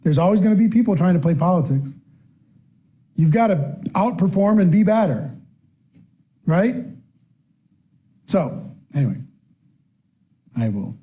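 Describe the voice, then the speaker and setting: A man giving a live training talk on network marketing, asking the audience questions and acting out quoted voices with lively energy. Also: fairly high pitch. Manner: animated, acts out quoted voices.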